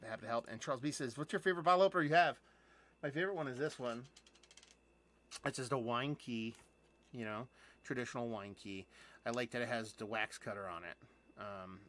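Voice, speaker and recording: A man's voice: mid-range voice, a bit bright. A man hosting a casual live beer unboxing, chatty and rambling, with lots of fillers and restarts and some casual swearing. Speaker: beer reviewer and channel host.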